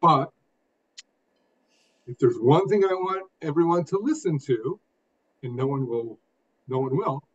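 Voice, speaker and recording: An older man, a guest telling his story in an expressive, emphatic way, phrase by phrase. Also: on the high side, unhurried, long pauses, slight background noise. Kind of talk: conversational storytelling. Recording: dull lo-fi sound.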